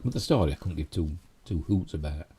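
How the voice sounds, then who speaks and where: A man's voice: rumbling low, animated, brisk, mellow, slightly rough. A middle-aged man with a Yorkshire accent, hosting a casual live stream and rambling chattily with self-mocking asides. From Yorkshire, England. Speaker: YouTube host.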